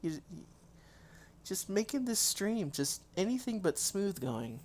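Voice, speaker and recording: A man's voice: high voice, very animated, slow pace, a little mellow, a little hiss or hum. A man live-streaming a game from home on a desk microphone, rambling in a casual, self-deprecating way with frequent restarts and sighs.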